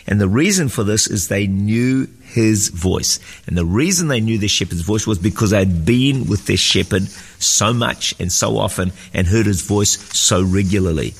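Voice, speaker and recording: A man's voice: on the low side, normal speed, creaky, hardly any pauses, husky, in a large hall. A man preaching an earnest devotional sermon as a pastor, reading scripture and teaching emphatically.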